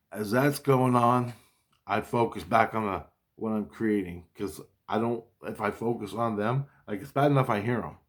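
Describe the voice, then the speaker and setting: A man telling a personal story in a casual, rambling monologue, excitable and profane, repeating his exclamations. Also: on the low side.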